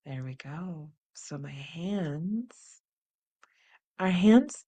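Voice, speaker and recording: A woman hosting a guided wellness practice, calm and unhurried, describing her body sensations as she goes. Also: low-pitched. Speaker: host leading a guided practice.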